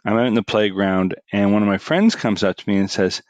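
A middle-aged man tells a story in a fairly low, casual, animated voice, pushing it higher as he builds toward each punchline. He talks a little fast. The recording is dry and close-miked with no room sound, and the high frequencies are cut off.

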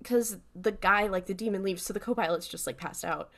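A woman co-hosting a podcast, retelling a TV episode in casual, animated chat with frequent laughter. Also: medium pitch, a little fast. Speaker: podcast co-host.

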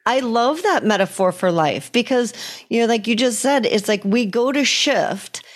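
A woman hosting a podcast conversation, enthusiastic and quick to praise, with exclamations. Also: mid-range voice.

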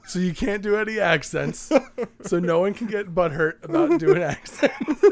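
A young man in casual comedic banter, teasing his friends and quick to laugh. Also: sits high, expressive.

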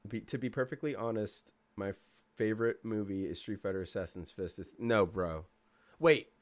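A young man with a low voice talks loosely on a podcast. He rambles and hedges with fillers as he works through his thoughts in easy casual chat. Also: moderate pace, no room sound. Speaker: podcast co-host.

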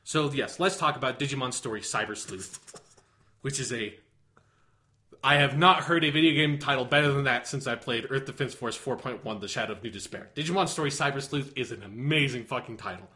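A man co-hosts a casual podcast in a mid-range voice, talking a little fast with a sharp tone. He rambles enthusiastically, swearing a lot and saying "like" constantly.

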